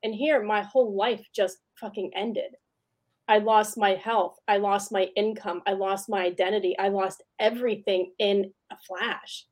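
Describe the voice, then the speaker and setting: A woman's voice: medium pitch, fairly even intonation, a little slow, darkish tone. Candid middle-aged woman guest. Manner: candid, chatty, swears casually. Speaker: breath work practitioner, guest. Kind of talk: casual interview talk.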